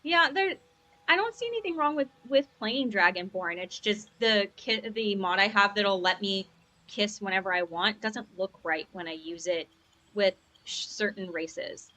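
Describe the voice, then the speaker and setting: A woman's voice: medium pitch, animated, measured pace, pushed and bright. A young woman chatting casually while streaming a game, rambling and upbeat, on a lavalier mic at home. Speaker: gaming streamer. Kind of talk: casual live-stream chat.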